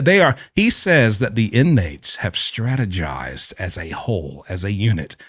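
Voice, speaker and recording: A man in the middle of a pitch range swings his voice up and down as he rants bluntly, mocking what he reacts to. The sound is dry and close, with no room around it. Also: dry recording. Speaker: commentator who says he knows prison. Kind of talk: opinionated reaction commentary.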